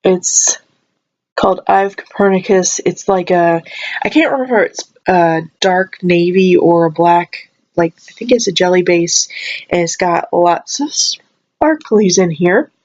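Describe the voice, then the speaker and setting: A woman chats her way through a haul video at home, unhurried and rambly, circling back and restarting her sentences. She may be coming down with a cold. The sound is dull and lo-fi. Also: on the low side, darkish tone. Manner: rambly, chatty, lots of restarts and asides; playful voices when quoting herself. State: possible cold. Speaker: vlogger.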